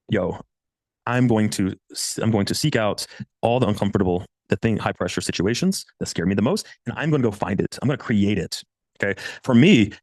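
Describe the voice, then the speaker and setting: A man in his thirties giving blunt, profane dating advice in a casual coaching monologue. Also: dry recording. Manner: blunt, profane, animated, swings pitch for quoted voices.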